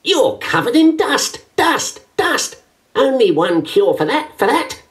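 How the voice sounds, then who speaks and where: A chattering high-pitched penguin. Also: male voice, big pitch swings, slow, fairly bright tone, full character voice. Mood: excited. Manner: chatters, repeating words. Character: chattering excitable male penguin. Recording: distant, with background music.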